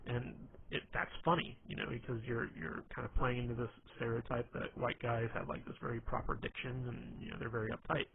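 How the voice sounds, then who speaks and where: A man's voice: medium pitch, little pitch movement, brisk, gravelly, few pauses. A man giving casual advice on being funny, rambling and packing his talk with fillers like "you know". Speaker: dating and humor advice presenter. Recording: tinny phone-like line, faint hiss.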